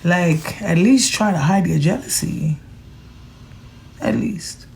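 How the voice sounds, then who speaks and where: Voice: medium pitch, lively intonation, slow pace, gravelly, a little mellow, a little hiss or hum. A social media creator, lecturing viewers in an exasperated rant.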